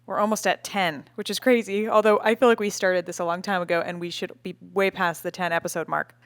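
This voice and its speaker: A woman's voice: fairly low pitch, fairly even intonation, fast. A woman in her late twenties co-hosting a casual podcast from home, chatty and laughing often. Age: late 20s. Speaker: podcast co-host. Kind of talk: casual chat. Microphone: podcast microphone with cover.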